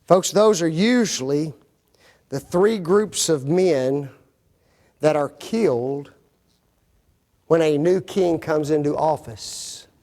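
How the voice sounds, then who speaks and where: A man's voice: a little high, slow, pauses often, darkish tone. A man teaching a Bible class lesson, quizzing his audience with fill-in-the-blank questions and folksy, joking asides.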